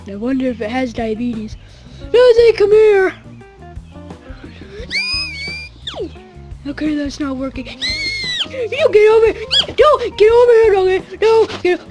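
Lady voicing a squeaky bossy pig king, slow shouty drawl, faint music behind. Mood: coaxing. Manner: shouty, repeats himself, whiny sighs. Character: childish grumpy male pig king, fussy and loud. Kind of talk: fan cartoon voice acting.

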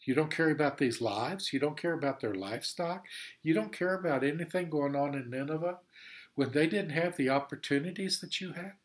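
A man's voice: on the high side, fairly quick. Earnest man teaching Bible lesson. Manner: earnest, explanatory, repeats for emphasis. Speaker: Sunday school teacher.

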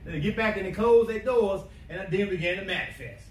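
A man preaching a sermon, emphatic, swinging between quiet asides and shouting. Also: high voice, fast talker, few pauses. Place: church sanctuary. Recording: echoey church from a distance, faint hiss.

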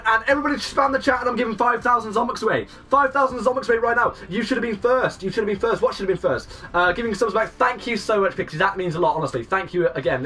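A young man in his twenties live-streaming a game, greeting and thanking viewers and breaking into excited shouts. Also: high voice, distant mic. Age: 20s. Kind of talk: live-stream chat reading out viewers' messages.

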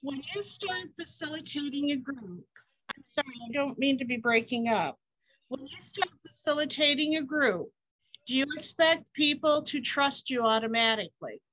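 A woman's voice: high voice, expressive, moderate pace, bright, forceful tone, no echo, rough recording. A woman leading a conference workshop on support groups, talking earnestly and asking the group questions. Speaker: workshop facilitator.

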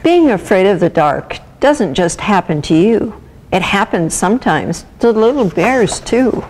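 A woman volunteer reading a children's picture book aloud with gentle, expressive storytelling. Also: medium pitch, measured pace, rough recording. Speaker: volunteer reader.

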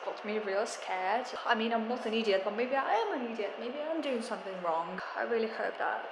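A woman's voice: fairly high pitch, lively intonation, a little fast, distant mic, background noise. A woman vlogging her house renovation, talking anxiously and venting her frustration with frequent swearing. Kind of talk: casual vlog talk to camera. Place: house under renovation, indoors. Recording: very echoey empty room, from afar, with music.

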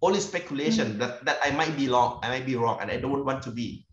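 A man's voice: medium pitch, fast, a loud crowd. Man, echoey call. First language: Thai-Lao (Isan). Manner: hesitant, repeats phrases, tentative. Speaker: guest researcher. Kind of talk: academic webinar talk. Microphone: video call. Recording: echoey, muffled video call.

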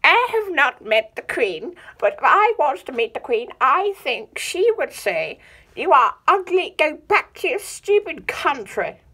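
A man voicing a brash, rude American student who talks loud and mocking. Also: extremely high pitch, sing-song, measured pace, pitched above the performer's own voice, heavily acted.

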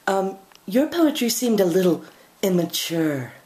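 A woman imitating a dismissive tryout judge who speaks quietly and condescendingly. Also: medium pitch, sing-song, unhurried, reverberant.

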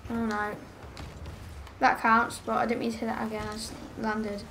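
A woman's voice: fairly high pitch, completely flat delivery, normal speed, noisy background. A woman streaming a game live, chatting with teammates and getting exasperated with one player. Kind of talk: live gameplay commentary.

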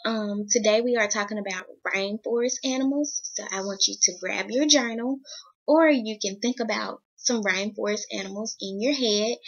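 A woman's voice: mid-range voice, a bit bright, lo-fi sound. A young woman teaching young children a phonics lesson, patiently stretching out each letter sound and encouraging them.

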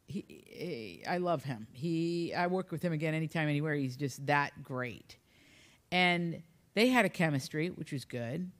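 A woman author from Appalachia, telling humorous, rambling anecdotes in a relaxed conversation. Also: deep voice, measured pace. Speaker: author guest. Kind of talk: storytelling in conversation.

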